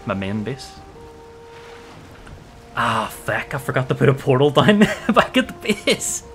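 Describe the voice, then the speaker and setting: A man's voice: medium pitch, very animated, unhurried, soft background music. A man streaming a game, giving casual gameplay commentary, playful, swearing often and laughing a lot.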